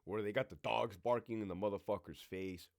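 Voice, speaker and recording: A man's voice: fairly low pitch, fairly even intonation, fairly quick, gravelly, a little mellow. A man, a former prison officer, talking in a blunt, profane and swaggering casual monologue. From California.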